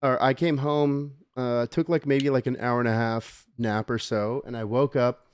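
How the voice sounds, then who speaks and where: A man's voice: medium pitch, steady tone, normal speed, clean tone. Rambling young man telling a story. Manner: rambling storytelling, swearing, lots of fillers. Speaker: podcast co-host. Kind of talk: casual chat.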